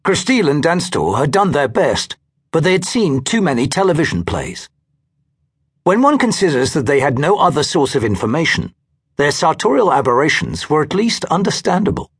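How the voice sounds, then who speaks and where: A man's voice: on the high side, wildly swooping pitch, normal speed, husky. A man narrating an audiobook with a dry storytelling manner.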